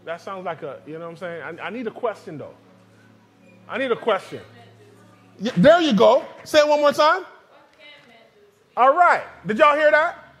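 A pastor preaching in a church, leading the congregation in call-and-response and repeating phrases slowly. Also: male voice, sits high, animated, a bit bright, husky. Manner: slow, drawn-out delivery with repetitions. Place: church sanctuary.

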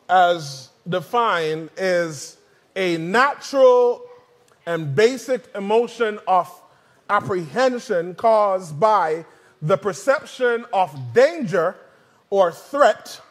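A man preaches from the pulpit, his voice sitting high and his pace unhurried. He drags out words and repeats lines to lead the congregation in call-and-response. The sound comes through a church mic in the sanctuary. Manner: slow, drawn-out delivery with repetitions. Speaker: pastor.

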